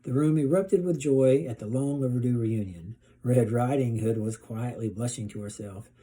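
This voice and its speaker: A male teacher reading a children's storybook aloud in a steady, gently expressive way. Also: mid-range voice, moderate pace, husky.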